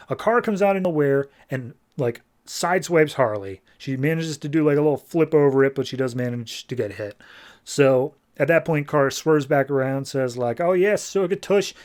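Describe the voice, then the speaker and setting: Rambling male podcast host. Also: darkish tone. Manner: loose and rambling, many fillers; briefly shifts pitch for quoted characters. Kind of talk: casual comic book recap.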